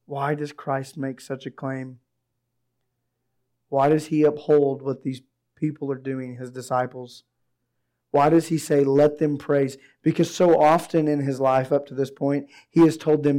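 A male pastor preaching a sermon and reading scripture aloud, his voice hoarse from a recent illness, rising to excited emphasis at points. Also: medium pitch, measured pace.

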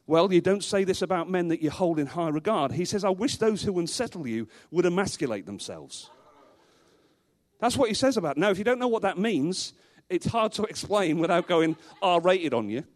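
A man's voice: high voice, lively intonation, normal speed. A male pastor preaching a sermon to a congregation in a church, emphatic, repeating rhetorical questions and dropping in dry humorous asides.

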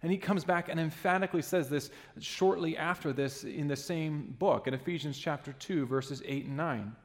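A man's voice: on the high side, moderate pace, hardly any pauses, in a large hall. A man preaching a sermon in a church, earnest and emphatic, sometimes restarting a phrase.

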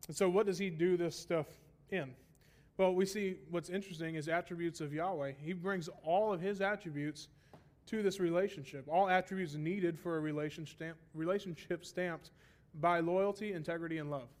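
Male Bible teacher, slightly high pitch, explanatory sermon delivery with emphatic repetition. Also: fairly even intonation, moderate pace. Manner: explanatory, asks rhetorical "right?" often; stresses repeated phrases for emphasis.

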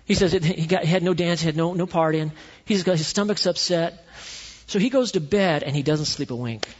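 Animated male pastor in an echoey hall. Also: on the high side, a little fast, slightly rough. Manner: animated storytelling, swings from loud to quiet. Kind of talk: sermon. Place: church sanctuary. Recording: echoey hall, dull lo-fi sound.

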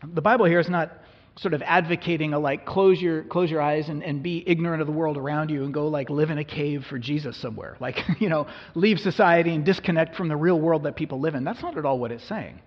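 A male pastor preaches in a relaxed, conversational way, often turning to his listeners with questions. His voice sits a little high and sounds husky. The sermon rings in a reverberant hall on a dull, lo-fi recording. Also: fast talker. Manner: conversational, asks the congregation questions.

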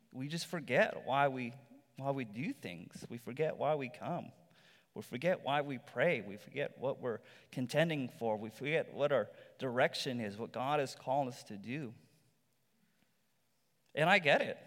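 A male pastor giving a sermon in a relaxed, conversational storytelling manner, with rhetorical asides to the congregation. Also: mid-range voice. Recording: long reverb from a large hall.

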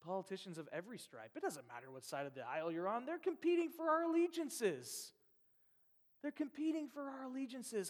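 High-voiced male pastor in a reverberant hall. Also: brisk. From Nebraska, USA. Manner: conversational, animated, acts out quoted voices. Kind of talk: sermon.

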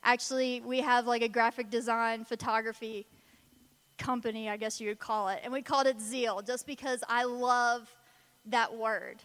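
A woman's voice: fairly high pitch, level tone, normal speed, fairly bright tone, in a large hall. A woman preaching a sermon in an emphatic, conversational way.

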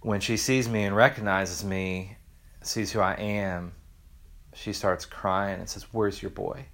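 A middle-aged man preaching from the pulpit, earnest and personal. He drops into a hushed, tender voice while telling his story, then lifts in pitch and force as he drives his point home. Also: steady tone, a little slow, gravelly. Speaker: pastor. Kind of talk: sermon.

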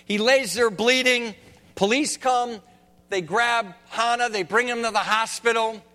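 A man preaching a sermon, swinging from hushed, quiet lines to loud, shouted ones. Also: extremely high pitch, fairly even intonation, unhurried. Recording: long reverb of a hall, faint hum.

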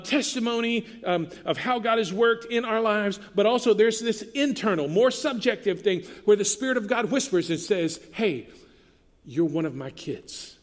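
Pastor preaching in a reverberant hall. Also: male voice, high-pitched. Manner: earnest, conversational, drops softly for tender quoted lines. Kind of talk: sermon.

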